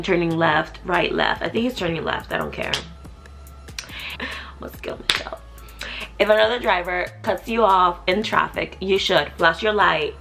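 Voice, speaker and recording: Gravelly-voiced woman chatting in a vlog. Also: on the low side, a bit bright. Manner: profane, chatty, thinking aloud. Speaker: vlogger. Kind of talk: casual vlog chat.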